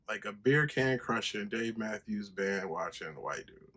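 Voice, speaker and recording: A man hosting his own podcast, telling a story in a loose, profane monologue and jumping high when he quotes himself. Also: measured pace, hardly any pauses, sharp tone. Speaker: podcast host. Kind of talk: casual solo podcast monologue.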